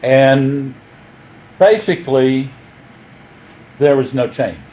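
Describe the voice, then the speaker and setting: A man teaching a history class in a jokey, animated way, often quizzing his listeners. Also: medium pitch, takes it slowly, lo-fi sound.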